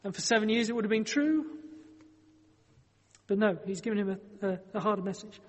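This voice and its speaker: A man's voice: sits high, fairly quick, big-room sound. A man preaching a sermon, telling a Bible story in a conversational way with wry joking asides.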